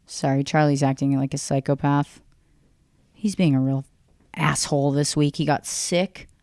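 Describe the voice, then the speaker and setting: A woman in her thirties hosting a podcast, delivering a profane, deadpan, rambling solo comedy rant. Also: deep voice, normal speed, no echo, studio quality. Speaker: podcast host.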